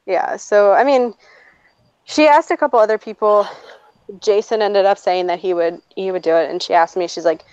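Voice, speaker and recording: A woman's voice: medium pitch, moderate pace, a little mellow, clear, resonant tone, no echo. A blunt woman rambles through a story, swearing freely and breaking into laughs between lines. Her voice sits mid-range for a woman. The sound is dry, close and a little dull, like a cheap home mic. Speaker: streamer host. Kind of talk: casual storytelling chat.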